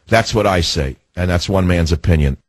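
Husky older man ranting on talk radio. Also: sits low, moderate pace, no room sound, rough recording. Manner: emphatic, repetitive, combative. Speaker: radio talk show host. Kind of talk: political talk radio monologue.

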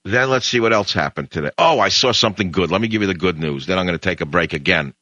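An older Brooklyn man hosts a talk show with an animated, quick, sharp voice; the recording is echo-free with the highs cut off. He rambles through a storytelling monologue, jumping between tangents with sudden pitch leaps.

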